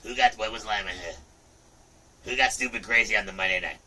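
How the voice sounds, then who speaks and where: A middle-aged man hosting a livestream, talking in a rambling, profane way with loud outbursts. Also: on the low side, fairly even intonation, a little fast, recorded from a distance. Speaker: livestream host. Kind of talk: rambling casual livestream chat.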